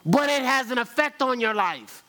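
A man preaching a sermon, firing rhetorical questions at the congregation and reading scripture aloud. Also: very high voice. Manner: animated preaching with rhetorical questions and call-and-response; reads scripture aloud in a slow cadence. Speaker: pastor.

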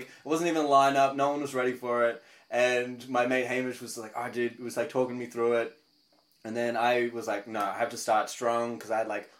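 Podcast guest: comic in his twenties, loose rambling anecdotes, mid-range voice. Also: medium pitch. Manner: rambling, animated storytelling with laughs and voiced asides. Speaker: guest comedian. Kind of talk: casual interview chat.

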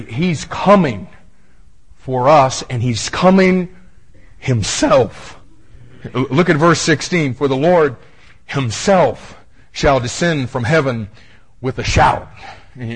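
A male pastor preaching a verse-by-verse sermon in a conversational way, stumbling over restarts and booming out the scripture he quotes. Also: rough recording.

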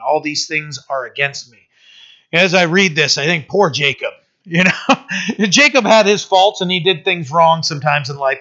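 Chatty male pastor, bright voice. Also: on the high side, dull audio. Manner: conversational, many fillers, asks listeners "right?". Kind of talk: sermon reading and explaining scripture.

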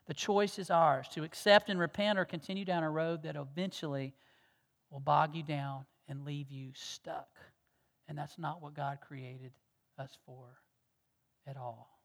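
A man preaching a sermon as pastor, earnest and pleading, moving from loud exhortation to hushed tones. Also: on the high side, fairly even intonation, unhurried. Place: church sanctuary. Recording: long reverb of a church hall.

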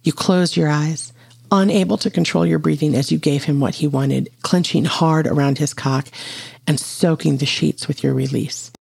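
A storyteller reading an intimate audio story aloud in a slow, steady way. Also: medium pitch, creaky, husky, dry recording. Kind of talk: scripted narration of an audio story.

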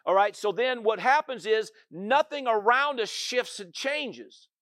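A man's voice: high-pitched, a little slow, no room sound, clean studio sound. A male pastor preaching a conversational sermon, repeating and restarting phrases as he builds up. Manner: conversational, repetitive, animated preaching.

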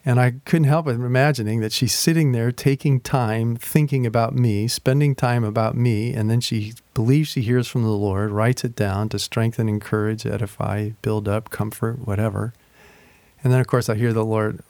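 A man preaching as a pastor, telling a personal story in a slow, reflective way and reading scripture aloud slowly. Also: medium pitch, steady tone, darkish tone, no echo. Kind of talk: sermon.

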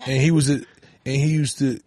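A man's voice: medium pitch, little pitch movement, fairly quick, warm tone, no echo. Laid-back New man, dry mic. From the Bronx, New York. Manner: laid-back, street-slang storytelling. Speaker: guest, rapper. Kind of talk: casual interview chat.

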